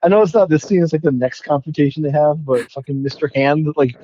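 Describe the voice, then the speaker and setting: A man's voice: fairly high pitch, quick pace, dark tone, muffled recording. A man co-hosting a podcast, recapping a movie in casual chat, laughing and mocking it while swearing often. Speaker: podcast co-host.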